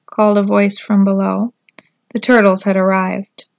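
A woman gently and expressively reading a children's storybook aloud. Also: mid-range voice, fairly even intonation, unhurried, vocal fry, dry recording, rough recording. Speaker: storybook reader.

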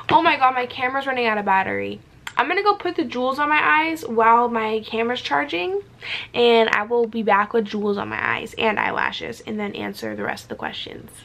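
Young woman, slightly high voice, casual candid chat at home, swears and laughs freely. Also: fairly bright tone. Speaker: beauty vlogger. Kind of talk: casual chat while doing makeup.

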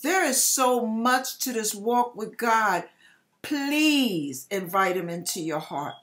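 Slow, expressive woman giving a testimony. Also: a little high, soft background music. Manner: emotional, heartfelt storytelling with quoted exclamations. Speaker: host. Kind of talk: personal testimony.

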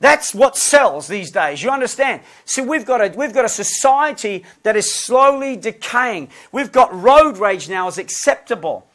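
Brief: man preacher, high pitched, anecdotal lesson delivery with humor. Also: a little slow, hardly any pauses. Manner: lively anecdotal, conversational asides. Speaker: preacher and lecturer.

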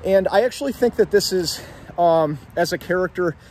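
A man's voice: high voice, normal speed, a little mellow, slight background noise. A young man hosting a casual video about a novel, talking while walking along an outdoor street. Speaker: literature video host. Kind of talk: casual literary discussion vlog.

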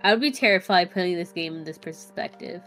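A woman's voice: fairly low pitch, animated, a little fast, fairly bright tone, faint music behind. A woman playing a survival game with friends, teasing and chatting casually. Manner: teasing, laughing along. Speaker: co-player. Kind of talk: casual gaming chat.

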